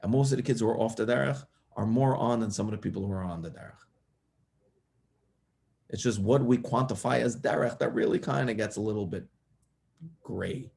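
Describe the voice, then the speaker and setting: Gravelly rabbi telling a passionate story. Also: male voice, on the low side. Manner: animated, building to passionate raised voice. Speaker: rabbi, guest speaker. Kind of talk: storytelling talk.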